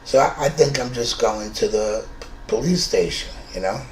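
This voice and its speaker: A man's voice: medium pitch, animated, normal speed. Blunt, profane New York storyteller man. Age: 50s. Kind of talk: true-story monologue. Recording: roomy room with faint noise.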